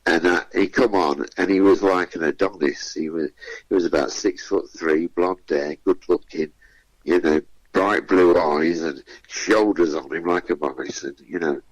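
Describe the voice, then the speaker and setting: The comedian's deep voice is steady and measured, captured on a low-quality recording with no room sound. As a radio guest he tells chatty anecdotes, voicing the people he quotes.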